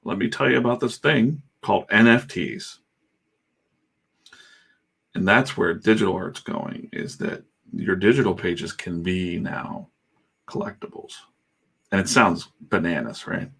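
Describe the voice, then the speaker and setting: A middle-aged man talks in a loose, rambling livestream chat while he works, irreverent and quick to swear. His voice sits low with a gravelly rasp and a husky edge. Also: fairly bright tone. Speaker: comic artist streaming while inking.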